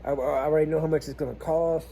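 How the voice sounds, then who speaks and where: Cussing plumber, dark voice. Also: male voice, fairly high pitch, fast, creaky, a little hiss or hum. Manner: animated, swears freely, says y'all. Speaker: plumber telling a work story. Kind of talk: casual storytelling vlog.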